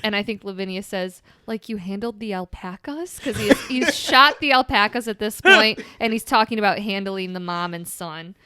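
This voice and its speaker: A woman's voice: mid-range voice, normal speed, hardly any pauses, bright, forceful tone, smooth, dry recording, clean studio sound. A woman co-hosting a casual movie podcast, playful and laughing, steering the talk between segments. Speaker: podcast co-host.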